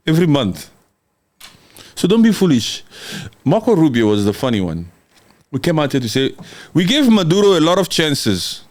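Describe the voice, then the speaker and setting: A young man delivers heated political commentary, jumping between scolding, sarcasm and mock quotes. His pitch swings widely as he hammers each point. The delivery is emphatic and confrontational throughout. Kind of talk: ranting commentary reading a document.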